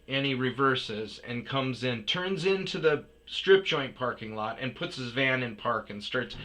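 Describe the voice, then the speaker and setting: A man casually telling a profane, animated story about chasing a delivery driver, with yelled reenactments. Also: medium pitch, unhurried. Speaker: storyteller host. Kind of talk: casual ranting anecdote.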